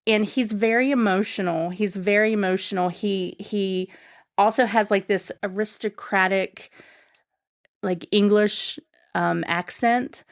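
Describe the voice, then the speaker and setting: A woman's voice: mid-range voice, steady tone, measured pace. A woman guest on a podcast, chatting casually and enthusiastically, rambling with lots of fillers and restarts.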